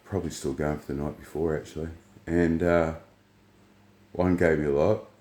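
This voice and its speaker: Blunt, swearing man, very low voice, rambling anecdote in a roomy space. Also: normal speed. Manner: blunt, profane, rambling, retells dialogue in flat quotes. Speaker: vlogger. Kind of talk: casual storytelling monologue.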